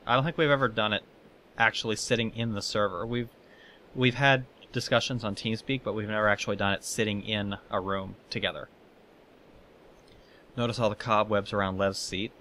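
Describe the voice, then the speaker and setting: A man's voice: fairly low pitch, steady tone, a little fast, sharp tone, slight background noise. A man hosting a let's play, chatting casually and swearing as he guides a tour through a game world. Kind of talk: casual gameplay commentary.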